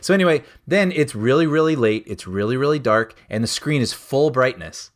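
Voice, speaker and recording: A man's voice: mid-range voice, animated, brisk. A man co-hosting a podcast, casually telling a funny story and laughing often. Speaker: podcast co-host. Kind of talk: casual chat, anecdote telling.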